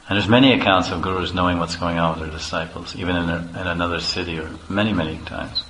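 A male preacher tells a story in a sermon at an easy, relaxed pace. He often chuckles and repeats himself. His voice is very low but bright and forceful. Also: fast talker, few pauses, echoey room, slight background noise, rough recording.

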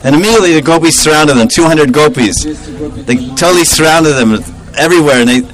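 Lively male storyteller, slightly high voice, chuckles, acts out his characters. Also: brisk, crowd noise, poor audio. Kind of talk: devotional storytelling talk.

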